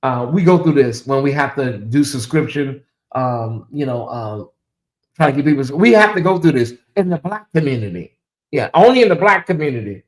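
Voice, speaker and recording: A middle-aged man hosting a casual livestream, talking straight to his chat in an animated, teasing way. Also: medium pitch, moderate pace. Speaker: livestream host. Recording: echoey room.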